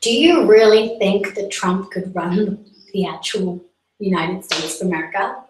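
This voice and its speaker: A woman's voice: medium pitch, measured pace. Boastful chatty young woman, roomy and distant. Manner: boastful, chatty, full of "like" and mock outrage. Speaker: comedic live stream host in character as a celebrity. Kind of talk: improvised character comedy monologue.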